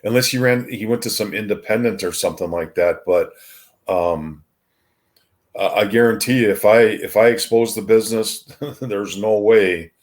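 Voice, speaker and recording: Deep-voiced older man spinning wrestling stories. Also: normal speed. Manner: rambling with frequent ums and restarts. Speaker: retired wrestler, podcast guest. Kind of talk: casual anecdotal storytelling.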